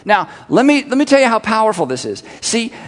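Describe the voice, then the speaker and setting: A middle-aged male pastor with a notably high voice, preaching in an animated way and hammering his points home through repetition. His words ring out with a long reverb across a big church auditorium. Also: a little fast. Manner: animated, repeats phrases for emphasis, leads congregation in call-and-response. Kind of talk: sermon.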